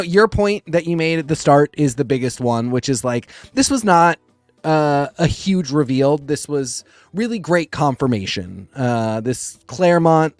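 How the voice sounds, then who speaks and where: A man co-hosting a casual podcast, talking in a rambling, animated way with quick asides. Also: mid-range voice, dry recording. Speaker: podcast co-host. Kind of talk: casual comics discussion.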